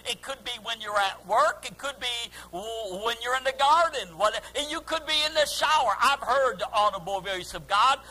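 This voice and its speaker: A man preaching a fervent sermon as pastor, swinging between quiet, drawn-out lines and shouted calls. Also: very high voice, expressive, low-quality recording.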